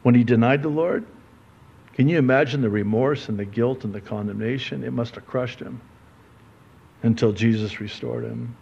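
A man, a pastor, preaching a conversational sermon that swings from soft, low asides to loud, emphatic questions. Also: normal speed, creaky, muffled recording, a little hiss or hum.

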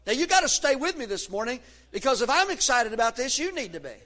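High-voiced fervent man preaching. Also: big pitch swings, fast talker. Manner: fervent preaching with shouted peaks. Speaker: pastor. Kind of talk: sermon.

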